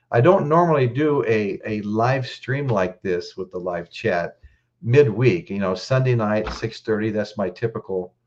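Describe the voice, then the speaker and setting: A man's voice: mid-range voice, highs cut off. A man hosting a casual live stream, choked up, greeting viewers in the chat by name and often restarting his sentences.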